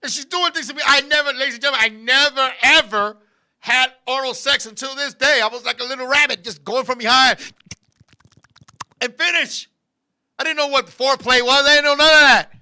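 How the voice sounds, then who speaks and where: A man hosting a comedy show, telling a crude story loudly and animatedly, laughing often and putting on voices to quote people. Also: very high voice, brisk, clear, resonant tone. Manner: crude and profane; puts on voices to quote others. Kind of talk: comic storytelling to co-hosts.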